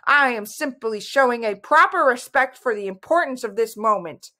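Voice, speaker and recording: A woman voicing a pompous young male wizard, haughty and theatrical, who climbs into shrill shrieks. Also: takes it slowly, natural voice. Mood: indignant. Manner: haughty, superior, rising to shrieks.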